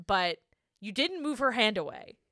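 A woman's voice: mid-range voice, very animated, normal speed, sharp tone, no room sound, clean studio sound. A woman co-hosting a casual recap podcast, talking bluntly with frequent swearing and laughter. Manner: blunt, profane, laughs often. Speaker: podcast co-host.

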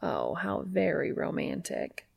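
A woman drops her voice to play an earnest, solemn young man in a fan fiction reading. He speaks quietly and formally with a gravelly fry, recorded close and dry. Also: deep voice, animated, moderate pace, no room sound, pitched below the performer's own voice, heavily acted.

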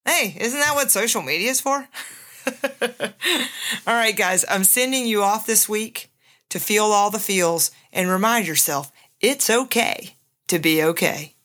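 Cheerful woman host with a forceful, bright voice, giving an emphatic self-help pep talk. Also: mid-range voice, normal speed. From USA. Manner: upbeat and emphatic, laughs often. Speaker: podcast host.

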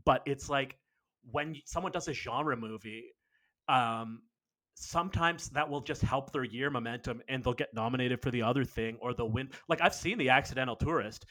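A man's voice: medium pitch, moderate pace, a bit bright. A man co-hosting a podcast, talking casually about films and building his point with example after example. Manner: conversational, builds arguments with examples. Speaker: podcast co-host. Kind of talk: casual film discussion.

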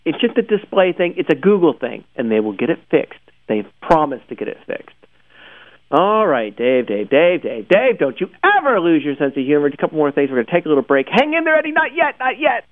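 A man's voice: on the high side, a little fast, dry recording. A man hosting a daily search news show in casual chat, talkative and laughing often, calling in by phone. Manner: chatty, laughs often, animated asides. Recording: tinny phone line.

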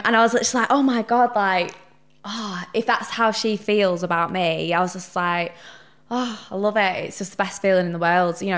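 Guest: young woman, lowish voice, chatty and candid, swears casually. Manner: chatty, animated storyteller who swears casually. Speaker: podcast guest. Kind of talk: casual interview chat.

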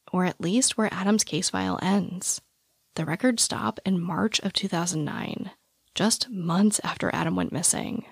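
Podcast host, woman; gravelly, hushed scripted narration, dry close sound. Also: lowish voice, no echo. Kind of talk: scripted true-crime narration.

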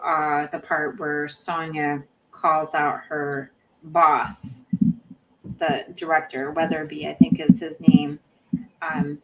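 A woman with a lowish voice talks through a podcast recap in loose, casual chat. She rambles and restarts a lot, filling gaps with "um" and "uh". A faint hiss sits under her voice. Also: low-quality recording. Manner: rambling, many fillers and restarts. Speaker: podcast co-host.

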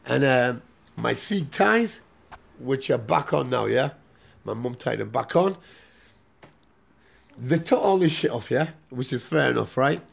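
Gravelly man telling a rowdy story. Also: medium pitch, lively intonation, unhurried, long pauses. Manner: swears constantly, tags lines with "yeah?". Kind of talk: casual profane anecdote.

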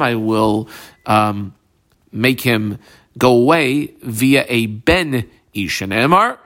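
Male Talmud teacher, casual study lesson, reads aloud then explains loosely, filler-heavy, mid-pitched. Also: a bit bright.

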